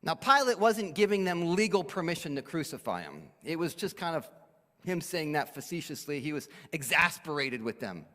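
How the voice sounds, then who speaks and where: A man's voice: a little high, moderate pace. Male pastor, emphatic sermon delivery, wide swings, echoey church hall. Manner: animated, emphatic, drops to quiet for weight.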